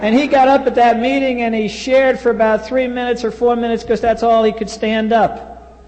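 A man's voice: very high-pitched, flat delivery, normal speed, a little mellow. A man, telling a blunt, wry personal story at a recovery meeting. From US East Coast. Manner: wry, blunt, acts out quoted voices. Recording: reverberant hall.

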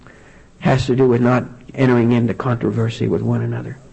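A man speaking earnestly at a recovery meeting, sharing a personal testimony with many halting restarts. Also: medium pitch, flat delivery, creaky, dark tone, slightly rough. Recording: dull lo-fi recording.

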